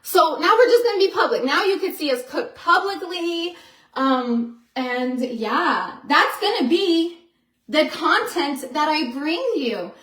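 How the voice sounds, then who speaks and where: A woman talking casually to her viewers in a vlog, chatty and excitable, full of "you know" and "like". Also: high-pitched, slow, echoey room, rough recording. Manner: excitable storyteller who acts out quotes. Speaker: vlogger.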